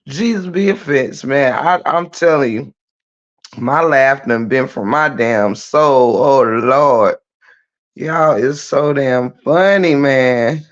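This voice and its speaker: A woman hosting a casual livestream, teasing her viewers, breaking into laughter and loud exclamations. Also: a bass voice, slow pace, lo-fi sound. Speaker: livestream host.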